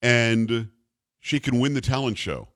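A man's voice: medium pitch, lively intonation, unhurried, fairly bright tone, no room sound, studio quality. Indignant male talk radio host. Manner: indignant, emphatic, repeats the call-in number.

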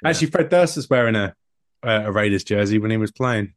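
A man from England co-hosting a podcast, chatting casually and laughing often, with quick voices for the people he quotes. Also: lowish voice, animated, no echo, studio quality. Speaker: podcast co-host. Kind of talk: casual chat.

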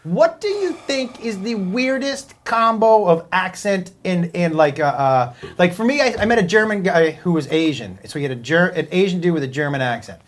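A man's voice: sits high, moderate pace, few pauses. A man hosting a casual comedic chat and telling jokey stories. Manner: animated, jokey storyteller. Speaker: podcast host.

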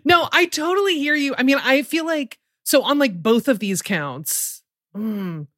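A podcast guest chatting casually, enthusiastic and quick to laugh. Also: high-pitched, lively intonation, a bit bright. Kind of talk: casual conversational chat.

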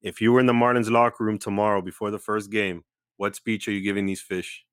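A male co-host with a low voice, laid-back and a bit hesitant as he asks questions. The sound is dry with no room echo. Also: little pitch movement, fast. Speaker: podcast co-host. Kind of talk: casual podcast chat.

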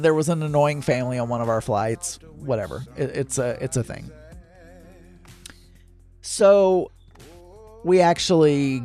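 A man's voice: medium pitch, vocal fry, darkish tone. A middle-aged man hosting a podcast, telling a story in a loose, rambling way that is full of fillers and self-corrections. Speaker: podcast host. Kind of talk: casual solo travel storytelling.

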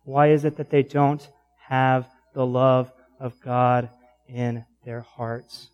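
A man's voice: medium pitch, slow pace, smooth, dull audio. A young man preaching a sermon in a church, telling stories casually and laughing often. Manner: casual, animated storytelling with laughs. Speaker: pastor.

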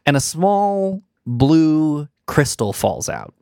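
A woman narrating as game master, pausing often with ums and uhs. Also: low-pitched, big pitch swings, gravelly, darkish tone, no echo, studio quality. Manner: hesitant, full of ums and uhs.

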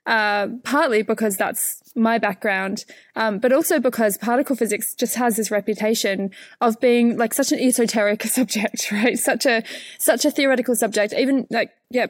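A woman with an Australian accent, a particle physicist and author answering interview questions in a lively, story-telling way. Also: on the high side, no room sound. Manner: animated storyteller, fillers and quick restarts.

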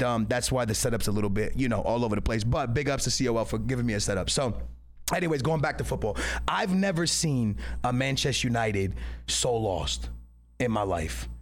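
Rambling, joking male podcast host. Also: medium pitch. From Washington, D.C. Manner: rambling, joking storyteller with many restarts. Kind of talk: casual podcast chat. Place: tailgate setup with a makeshift mic.

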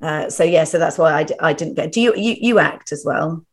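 Low-voiced frank woman guest. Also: fairly quick. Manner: frank, self-deprecating, fluent. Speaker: podcast guest, presenter. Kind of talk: casual podcast chat.

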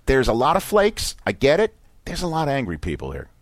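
Animated man telling a story. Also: mid-range voice, a little fast, no room sound. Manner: animated, acts out the people in his story. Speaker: podcast host. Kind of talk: casual storytelling chat. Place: lives in Los Angeles.

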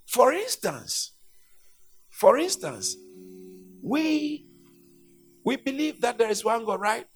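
A man preaching a sermon, emphatic and repetitive, swinging from hushed lines to shouts. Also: extremely high pitch, big pitch swings, takes it slowly, long pauses, faint music behind.

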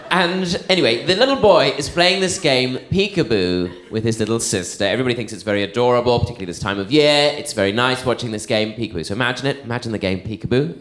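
Comic telling a story, animated and theatrical, roomy venue sound. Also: male voice, mid-range voice. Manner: playful, theatrical, digressive. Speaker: stand-up comedian. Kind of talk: stand-up storytelling.

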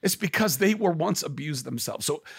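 A man's voice: on the high side, animated, normal speed, vocal fry, husky. A man talking as a podcast guest in a candid conversation, earnest and impassioned, restarting phrases as he searches for words.

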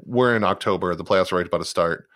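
A man's voice: deep voice, fast talker, fairly bright tone. A man co-hosting a casual sports podcast, laughing often and firing off follow-up questions. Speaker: podcast co-host.

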